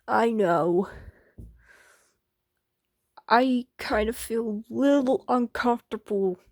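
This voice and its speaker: A woman's voice: fairly high pitch, slow, no room sound. A woman voicing an anxious female washing machine that worries about repairs and mispronounces words. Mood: worried.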